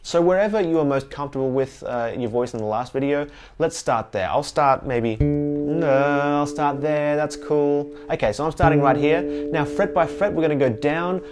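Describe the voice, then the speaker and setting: A man teaching bass in an easygoing, chatty way, singing notes to show how they sound. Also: a little fast. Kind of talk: instructional music lesson. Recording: loud bass guitar playing behind the voice. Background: bass guitar.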